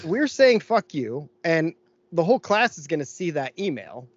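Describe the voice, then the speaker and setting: A man telling a story in casual podcast chat, animated and full of swearing and laughs. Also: fairly high pitch, normal speed, no room sound, lo-fi sound. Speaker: podcast co-host.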